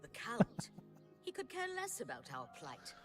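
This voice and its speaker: A woman's voice: on the high side, wildly swooping pitch, unhurried, faint music behind. A woman voicing a bitter townswoman who complains with scorn about the corrupt guards. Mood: weary. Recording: game audio, slightly distant.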